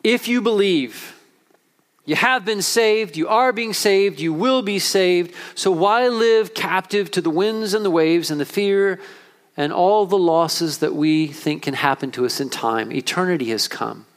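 A pastor preaching an impassioned sermon to his congregation, swinging between urgent calls and quiet, earnest passages. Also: sits high, measured pace. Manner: impassioned preaching with rising and falling intensity.

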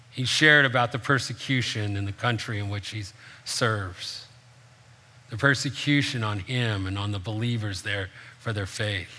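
Emphatic preaching man, bright voice, big hall. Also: fairly high pitch. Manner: emphatic preaching, rising and falling between quiet and loud. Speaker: pastor. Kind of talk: sermon. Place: church sanctuary.

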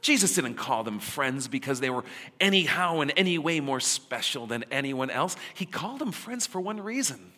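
Man, pastor, sermon, conversational, emphatic, dramatic pauses, bright tone. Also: medium pitch, sing-song. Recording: long hall reverb.

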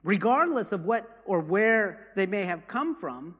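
A man with a high voice tells ministry stories to a congregation in earnest, stumbling over his words and starting again. His voice rings out with a long reverb, as in a large hall. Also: sing-song, unhurried, a bit bright, muffled recording. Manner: earnest storytelling with many restarts. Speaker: ministry leader. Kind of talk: testimony talk to a congregation.

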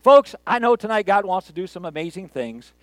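A flamboyant fraud of a faith healer, as a man acts him out in a joke, pushing his voice high and loud with showy revival bluster. The sound is close and dry. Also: sing-song, brisk, no room sound.

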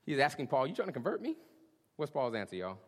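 A male pastor preaching a sermon, swinging between hushed questions and booming emphasis, with a casual "y'all". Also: big pitch swings, quick pace. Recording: long reverb of a large hall.

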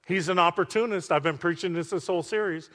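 Animated preacher in a reverberant hall. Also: male voice, sits high, quick pace. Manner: animated preaching with congregation call-outs. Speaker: pastor. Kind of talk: sermon.

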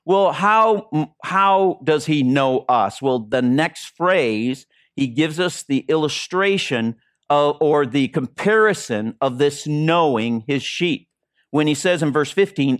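A man's voice: a little high, expressive, slow pace, no echo, clean studio sound. A man preaching a sermon as interim pastor, earnest and repeating phrases for emphasis. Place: church.

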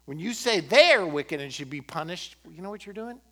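A man preaching a sermon as pastor, impassioned, swinging from emphatic peaks to quiet, earnest moments. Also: high-pitched, expressive, fairly quick. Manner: impassioned, rising to emphatic peaks then dropping to quiet prayer.

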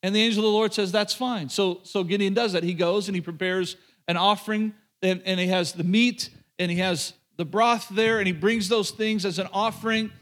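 A male pastor preaching a sermon, retelling a story in an animated, conversational way and speaking straight to his listeners. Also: high voice, fairly quick, few pauses.

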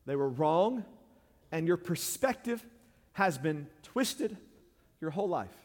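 A man preaching a sermon, swinging from loud shouts to quiet pleading. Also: a little high, lively intonation, slow pace, big-room sound. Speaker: pastor.

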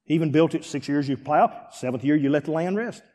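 Male pastor, high pitch, animated sermon delivery from hushed to shouted, long hall reverb. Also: fairly quick. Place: church sanctuary.

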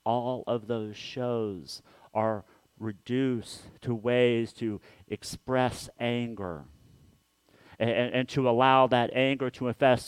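A pastor preaching a sermon in a church sanctuary, earnest, often repeating words and letting phrase ends fall soft. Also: male voice, medium pitch, smooth, dry recording.

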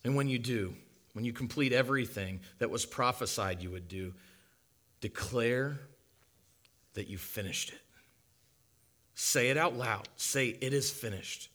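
A man preaching a sermon as a dramatic monologue, impassioned and swinging from loud to hushed. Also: mid-range voice, unhurried, long pauses.

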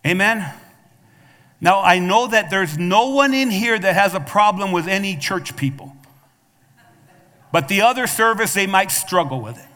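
High bright-voiced man preaching in a hall. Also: lively intonation, measured pace, long pauses. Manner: calls out to the congregation for responses; frequent stammered restarts and repeated words. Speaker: pastor. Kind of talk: sermon. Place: church sanctuary. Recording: long hall reverb from a church.

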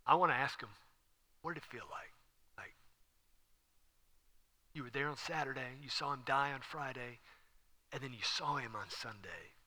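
A male pastor preaching a sermon in an animated, conversational way, recorded in an echoey hall. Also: medium pitch, moderate pace, long pauses.

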